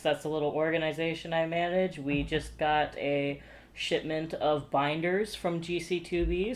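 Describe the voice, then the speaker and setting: A man's voice: on the high side, darkish tone. A man co-hosting a casual podcast, easygoing and laughing often between remarks. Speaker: podcast co-host.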